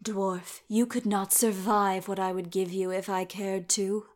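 A woman's voice: medium pitch, flat delivery, a little slow, lightly acted. A haughty elf king, proud and spiteful, every word cutting with scorn, as a woman reading a story voices him. He holds himself above everyone around him. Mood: scornful.

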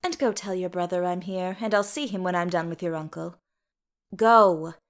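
A woman voicing a fierce, bossy dwarf mother who snaps orders and scolds in a sharp, commanding way. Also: on the low side, moderate pace, close to an everyday voice. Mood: exasperated.

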